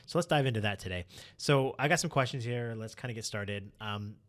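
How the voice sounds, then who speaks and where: A man's voice: medium pitch, brisk. A young man hosting a podcast, chatting casually and joking with a guest. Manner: relaxed, joking, laughs often. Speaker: podcast host. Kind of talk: casual chat.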